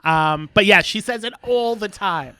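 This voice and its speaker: Bright, smooth-voiced male podcast recapper. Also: high-pitched, a little slow, dry recording, studio quality. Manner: filler-heavy storytelling, many ums and uhs. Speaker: podcast co-host. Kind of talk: casual recap of a TV episode.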